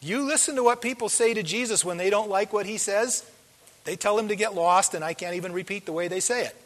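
A man preaching a sermon as pastor, telling the story with animated delivery and acting out the voices in it. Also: sits high, fairly quick. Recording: long hall reverb.

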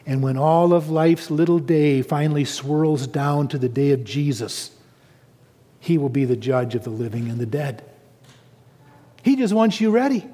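A man preaching a sermon, animated and storytelling, rising to emphatic quotes. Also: a little high, big-room sound.

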